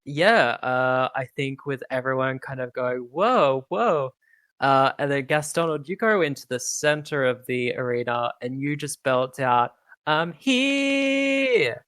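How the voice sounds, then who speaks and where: Deep-voiced woman game master. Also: normal speed, hardly any pauses, clear, resonant tone, no echo. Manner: relaxed, casual narration with fillers. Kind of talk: narrating a tabletop game.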